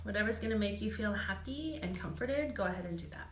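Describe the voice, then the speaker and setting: A woman's voice: medium pitch, lively intonation, fast talker, a little hiss or hum. Chatty woman doing live card readings. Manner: chatty and reassuring, laughs often, many "um"s. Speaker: psychic reader. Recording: echoey room.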